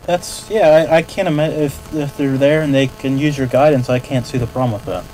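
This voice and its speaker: A man's voice: mid-range voice, fairly quick, darkish tone, a little hiss or hum, rough recording. A man hosting a radio interview, thoughtful and searching for his words as he responds to his guest. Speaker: radio show host.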